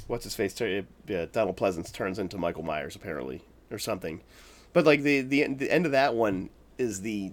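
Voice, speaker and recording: A man of ordinary pitch talks bluntly in casual chat and swears freely. He sounds fed up with the film he is describing.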